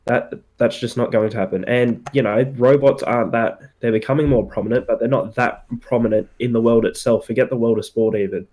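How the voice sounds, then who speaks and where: A man co-hosting a podcast, giving firm opinions in relaxed casual chat with plenty of fillers. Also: medium pitch, a little fast, few pauses. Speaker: podcast co-host.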